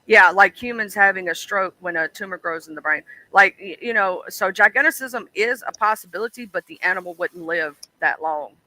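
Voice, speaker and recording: In a brisk, high voice with few pauses, a stream host rambles through a casual chat loaded with ums and "you know"s. His tone is pushed and bright as he laughs over childhood stories and mimics voices from them. The audio has no echo but is low quality.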